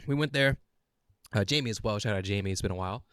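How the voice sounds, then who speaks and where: A man's voice: lowish voice, fast, dry recording. Rambling, laughing young guy. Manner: rambling storyteller, animated and laughing, swears casually. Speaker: podcast co-host. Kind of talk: casual chat. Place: small podcast studio.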